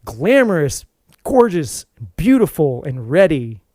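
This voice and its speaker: Man, spiritual vlog host, animated storyteller, profane, fairly high voice, mellow tone, dry sound. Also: slow pace, no echo. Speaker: tarot reader and spiritual channel host. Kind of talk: unscripted spiritual talk to camera.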